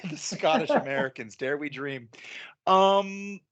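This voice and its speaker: A man's voice: fairly high pitch, takes it slowly, a bit bright, no room sound, dull audio. Enthusiastic man chatting about history. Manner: enthusiastic, swears, laughs often. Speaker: podcast co-host. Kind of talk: casual history chat.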